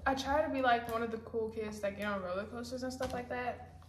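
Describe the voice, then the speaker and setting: A woman's voice: on the high side, steady tone, fairly quick. Chatty young woman rambling while eating. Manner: chatty, self-deprecating, talks with her mouth full. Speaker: vlogger. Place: indoors at home, sitting hunched over. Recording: roomy home recording with faint noise.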